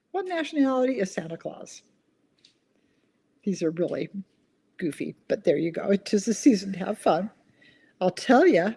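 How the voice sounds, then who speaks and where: Casting: a chatty live-stream host who laughs at her own jokes, with an animated, bouncy voice. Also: medium pitch, moderate pace, husky. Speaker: host of a live online chat. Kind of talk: casual live-stream chat, reading viewer comments.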